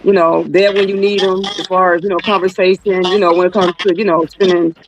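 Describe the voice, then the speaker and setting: A woman guest remembering her late nephew, talking haltingly with many fillers over a video call. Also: lowish voice, flat delivery, background noise. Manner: halting, full of "you know". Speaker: guest, aunt of the deceased. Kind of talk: casual remembrance on a talk show. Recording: dull lo-fi video call audio.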